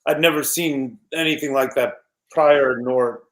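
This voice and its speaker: A man in his fifties from New York, a guest actor recalling film shoots in a casual, animated interview. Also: mid-range voice, measured pace. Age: 50s. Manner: animated anecdotes with laughs and quoted voices.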